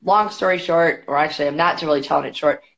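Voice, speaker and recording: Low-ish woman voice telling a story on a podcast, lots of "like", kinda dull muffled audio. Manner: chatty, quick, many "like" fillers. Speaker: podcast guest, boxing federation executive. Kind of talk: casual storytelling.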